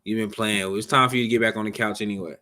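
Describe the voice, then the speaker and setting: A man's voice: fairly low pitch, fairly even intonation, quick pace, sharp tone. Laid-back man hosting a music review stream. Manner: loose, profane, laid-back slang. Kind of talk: casual livestream chat.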